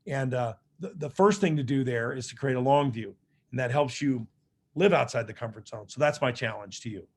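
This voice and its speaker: A man's voice: mid-range voice, fairly quick. Middle-aged guy giving a motivational talk, earnest storytelling, lots of ums and restarts, mid-range voice. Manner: earnest, conversational, frequent fillers and restarts. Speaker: motivational speaker. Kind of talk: personal storytelling speech.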